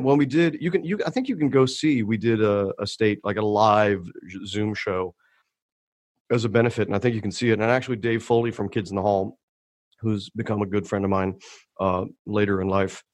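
A middle-aged male comedian in a casual podcast chat, telling animated stories, laughing often and acting out quotes. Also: fairly low pitch, no echo. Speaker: comedian guest.

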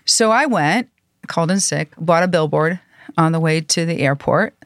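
A middle-aged woman from New York, a podcast guest telling animated stories and acting out the voices of people she quotes. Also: low-pitched, normal speed, dry recording, studio quality. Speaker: interview guest. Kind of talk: casual storytelling.

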